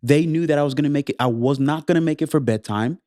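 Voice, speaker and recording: A man's voice: a little high, quick pace, dry recording, studio quality. A man co-hosting a podcast with his wife, chatting casually and playfully, acting out quotes as he tells a story. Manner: playful, animated storyteller who acts out quotes. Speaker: podcast co-host. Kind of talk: casual chat.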